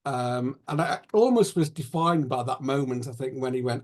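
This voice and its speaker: A man's voice: mid-range voice, moderate pace. Rambling male interview host. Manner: rambling, searching for words. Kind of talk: conversational interview.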